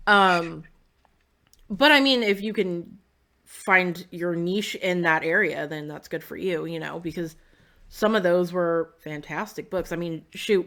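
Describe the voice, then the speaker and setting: A woman's voice: fairly low pitch, a little slow, pushed and bright. A woman co-hosting a podcast in casual chat, rambling with a slight lisp from costume fangs. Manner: rambling, many "like" and "you know" fillers. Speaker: podcast co-host.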